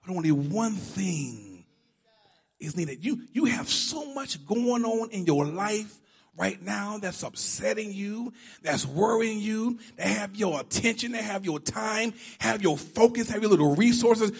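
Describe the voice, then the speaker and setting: A male pastor preaching a sermon, swinging from hushed lines to shouting and half-singing. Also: sits high, lively intonation, unhurried, gravelly, husky.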